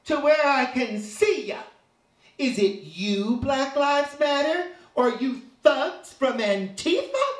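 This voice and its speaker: Brief: a man doing a blustering old male politician impression, slow and whiny. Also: very high voice, expressive, full character voice. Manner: yelling, whining. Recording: echoey room, voice from a distance.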